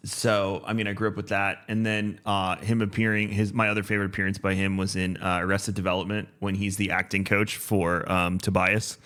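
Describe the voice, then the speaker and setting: Low-voiced laid-back podcast co-host man. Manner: relaxed, halting with fillers. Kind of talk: casual podcast chat.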